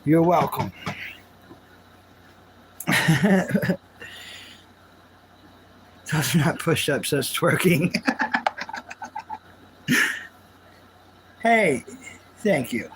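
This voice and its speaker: A man's voice: on the high side, expressive, extremely slow, long pauses, fairly bright tone, a little hiss or hum, poor audio. A man live-streaming, chatting casually with his viewers in a rambling, jokey, self-mocking way.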